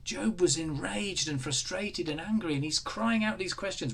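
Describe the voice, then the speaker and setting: A man preaching a sermon, animated, acting out the voices in the story. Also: sits high, measured pace, creaky, breathy edge. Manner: animated, acts out voices of God and Job.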